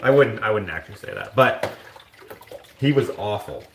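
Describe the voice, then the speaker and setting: A man's voice: big pitch swings, moderate pace, echoey room, background noise. A man hosting a live stream, chatting casually and reading out viewer comments with jokey asides. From Canada. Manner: rambling, jokey, mock-sings in a high voice. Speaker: livestream host.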